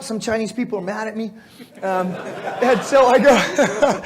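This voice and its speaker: A middle-aged American man with a high voice tells stories to a live crowd. He laughs often and talks in animated bursts full of fillers and restarts. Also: normal speed. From United States. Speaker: speaker at a fitness symposium. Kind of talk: storytelling talk to a live audience.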